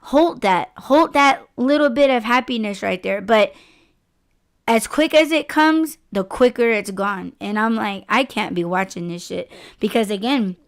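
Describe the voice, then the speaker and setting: Slightly high-voiced woman podcast host. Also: unhurried, smooth. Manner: rambling, profane, animated storytelling. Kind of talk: casual podcast chat.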